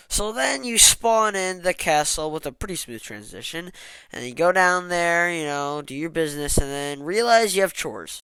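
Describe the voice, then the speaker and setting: A man recapping a war game's story as a joke, animated and sarcastic. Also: a little high, normal speed, smooth, dry recording. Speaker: gaming YouTuber. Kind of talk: comedic game story recap.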